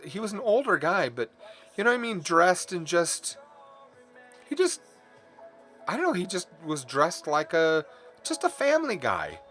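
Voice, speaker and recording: A middle-aged man rambles on in a relaxed, candid way while he draws on a live stream. His pitch rises and falls freely as he talks. He keeps apologizing for his own swearing. Soft music plays quietly behind him. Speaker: artist streaming while drawing. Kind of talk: casual chat while drawing on stream.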